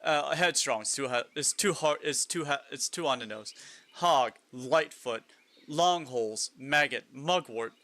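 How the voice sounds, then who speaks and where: A man's voice: medium pitch, measured pace, fairly bright tone, dry recording. A man live-streaming a game in casual chat, reading lists aloud, musing, and chuckling often.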